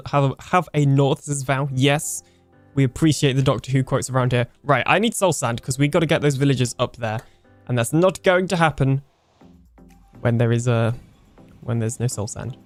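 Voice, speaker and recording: A man's voice: medium pitch, dry recording. Young British male streamer, casual and chatty, laughs easily, reads chat aloud, faint music behind. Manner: chatty, laughs often, trails off mid-sentence. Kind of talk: casual live-stream chat reading comments.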